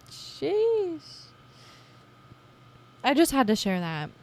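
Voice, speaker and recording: Young woman podcast host, casual confessional monologue, mid-range voice, lively when reenacting herself. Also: mid-range voice, measured pace, a little hiss or hum. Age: 20s. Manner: chatty, animated when acting out her past self.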